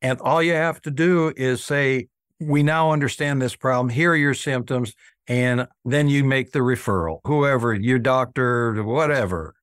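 A man's voice: medium pitch, measured pace, a bit bright, smooth, no echo, clean studio sound. An older man, an oral surgeon, earnestly telling patient stories in an interview. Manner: earnest, acts out patient quotes. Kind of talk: storytelling interview talk.

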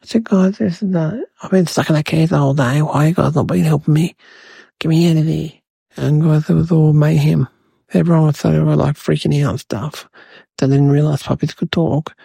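A man's voice: a little high, steady tone, fairly quick, gravelly, dark tone, breathy edge, no room sound. A man voicing a mischievous, chatty young boy who rambles to the viewers in a comedic monologue. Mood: rambling. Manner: rambling, addresses viewers as guys.

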